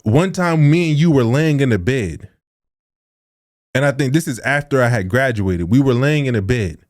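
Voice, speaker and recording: A man's voice: medium pitch, animated, normal speed. A young adult man co-hosting a podcast, talking casually and earnestly, with informal, preachy speech. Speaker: podcast co-host.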